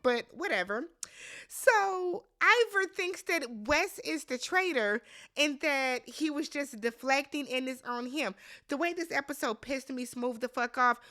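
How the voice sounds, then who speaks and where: A woman's voice: high-pitched, expressive, a little slow, pushed and bright. A woman hosting a casual recap and review vlog, blunt and exasperated, swearing freely and talking straight to the people on the show. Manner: swears freely and asks rhetorical questions. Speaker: reality show recap host.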